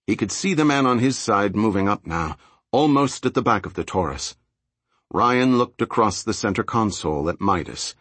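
Man, audiobook narrator, husky voice, lowish pitch, dry close recording. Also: moderate pace, no room sound. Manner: steady, low-key reading; shifts tone slightly for dialogue. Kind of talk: scripted thriller narration.

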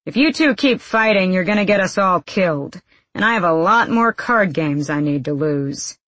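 A woman's voice: fairly low pitch, animated, normal speed, a bit bright, dry recording. A woman reading an audiobook, voicing a joking young man who likes card games.

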